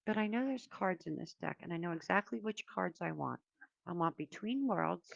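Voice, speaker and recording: A woman with a deep, heavily gravelly voice talks her viewers through a spiritual card reading, meandering and reflective, pausing often to find her words. The sound is dry and a little dull, like a lo-fi home recording. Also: expressive, dry recording. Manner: meandering, reflective, with frequent pauses and fillers. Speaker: oracle card reader.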